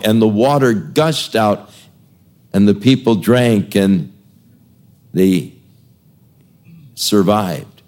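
Slow, conversational male pastor for sermon reading. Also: lowish voice, darkish tone. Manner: conversational storytelling preacher. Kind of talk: expository sermon.

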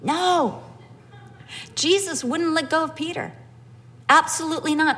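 A woman preaching a sermon, moving between low, earnest emphasis and lively, high-pitched storytelling. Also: unhurried, long pauses, big-room sound. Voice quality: animated, swings from low earnest tones to high excited storytelling. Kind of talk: sermon with humorous personal story.

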